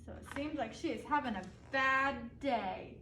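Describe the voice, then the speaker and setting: A woman reads a picture book aloud to children and stops to ask them questions. Her voice is high and her pace is slow. She sounds distant in an echoey room with faint ambience. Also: bright, forceful tone, a little hiss or hum. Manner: asks the children questions between pages. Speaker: storybook reader.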